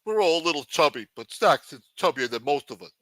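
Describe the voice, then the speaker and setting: Brash, profane man, bright voice. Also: a little high, lively intonation, fast talker, no echo. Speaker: livestream show host. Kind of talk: casual livestream chat in a mob boss persona.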